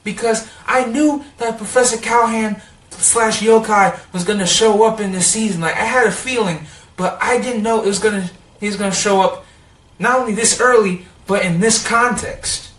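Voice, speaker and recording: A man giving a casual, rambling recap of a cartoon episode, excitable and full of "like.". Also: sits high, distant mic. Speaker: TV episode reviewer. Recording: roomy sound, set back from the mic.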